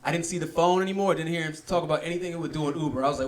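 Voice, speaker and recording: A man's voice: on the high side, fairly even intonation, racing, hardly any pauses, crowd noise. A man performing stand-up comedy, telling stories in a loose, conversational way. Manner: loose, conversational storytelling with repetition.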